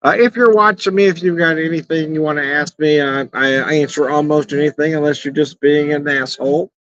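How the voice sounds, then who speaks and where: A middle-aged man talks in a casual, rambling vlog, blunt and salty, with frequent chuckles. His voice sits a little high for a man. The sound is dry and close, a bit dull and lo-fi. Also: fairly even intonation, brisk, a bit bright, no echo. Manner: blunt and profane, chuckles often. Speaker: beer and whiskey reviewer. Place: outdoors in the evening.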